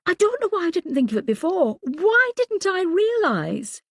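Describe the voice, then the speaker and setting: A woman's voice: extremely high pitch, very animated, normal speed, a bit bright, no echo, clean studio sound, voice pushed up, exaggerated voice. Woman reading as an anxious female team leader. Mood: alarmed. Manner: impatient, emotional.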